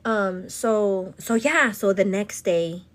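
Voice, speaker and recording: A woman vlogger and host tells a long story in a casual get-ready-with-me chat, speaking slowly in a mid-range voice. She rambles, keeps calling the listener "girl," and slips in the odd Spanish phrase.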